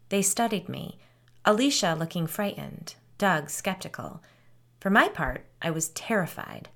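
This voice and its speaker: Audiobook narrator, woman, first-person, measured and even, voice on the lower side. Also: gravelly.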